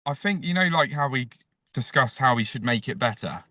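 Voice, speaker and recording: A man's voice: medium pitch, lively intonation, a little fast, no room sound. Crude ranting comedian man, dry sound. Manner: crude, bursts into ranting shouts. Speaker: comedian guest. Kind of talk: casual comedy podcast chat.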